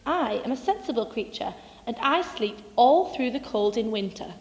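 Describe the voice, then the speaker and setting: A woman's voice: a little high, animated, moderate pace, a little mellow, in a large hall. A woman voicing a grumpy, sleepy male badger who huffs and scoffs in a children's storybook reading. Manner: huffing, scornful outbursts.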